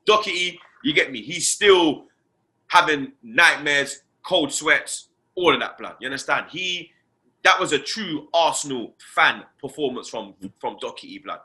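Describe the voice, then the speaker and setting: A man hosting a casual football fan show, ranting in an animated, slangy way, swearing and firing off "you understand" and "blood.". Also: on the high side, measured pace. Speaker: host.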